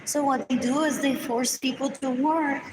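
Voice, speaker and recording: High-pitched woman muttering on a noisy stream. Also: steady tone, normal speed. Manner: repetitive, muttering, drifts between English and Spanish. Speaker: livestreamer. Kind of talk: rambling live stream monologue.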